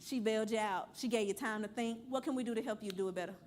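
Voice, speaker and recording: A woman's voice: a little high, fast, darkish tone, a little hiss or hum. Blunt, playful woman teaching a money class. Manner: blunt, playful, preachy, calls and asks the room. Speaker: financial class teacher at a church. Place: church classroom with a group.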